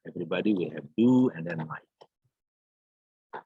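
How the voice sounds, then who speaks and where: A man teaching an English grammar lesson, slowly repeating words and examples with many fillers. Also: fairly low pitch, big pitch swings, dark tone, breathy edge, no echo. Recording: dull, lo-fi.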